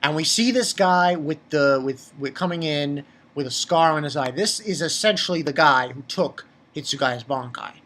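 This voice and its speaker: At a moderate pace with few pauses, a male manga reviewer gives a casual, meandering take on a comic chapter. He's excitable, and his pitch spikes as he gets worked up.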